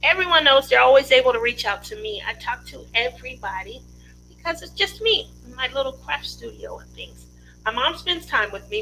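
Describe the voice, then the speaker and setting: A woman's voice: high-pitched, animated, moderate pace, sharp tone, a little hiss or hum, poor audio. A woman hosting a casual craft livestream from her home studio, chatty and rambling, laughing often.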